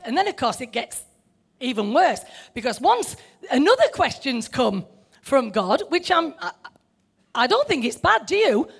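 A woman's voice: high voice, very animated, moderate pace, breathy edge. A middle-aged woman preaching a sermon in a conversational way, asking the listeners questions.

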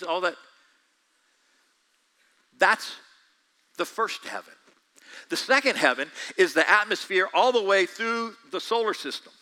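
Bright, animated male preacher. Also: sits high, low-quality recording. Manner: addresses listeners directly with quick asides. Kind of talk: sermon.

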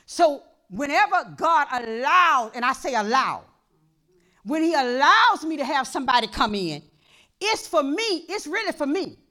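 A woman pastor preaches a fervent sermon in a church. Her voice sits high and leaps all over its range. She hammers repeated phrases, sinking to near-whispers and then climbing into shouts. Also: very animated, unhurried. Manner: impassioned, repeats phrases, swings from hushed to shouting.

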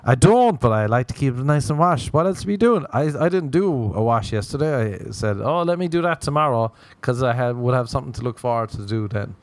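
A man's voice: medium pitch, animated, fairly quick, hardly any pauses, darkish tone, dry recording. Sardonic young man ranting on a podcast. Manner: sardonic, swearing, self-mocking. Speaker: podcast host. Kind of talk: solo comedic podcast rant. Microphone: podcast microphone.

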